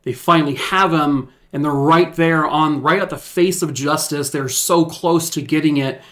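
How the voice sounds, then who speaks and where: Guy recapping a true crime case, highish voice, blunt, kinda rambly. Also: fairly even intonation, moderate pace, fairly bright tone. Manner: blunt and emphatic, with jokey sign-off; talks with many fillers and restarts.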